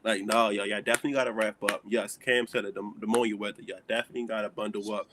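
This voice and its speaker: A young man with a Southern American accent, hosting a casual chat and acting out stories with animated dialogue. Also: on the low side, racing, noisy background. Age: young adult. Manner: animated storytelling, acts out dialogue. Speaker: host.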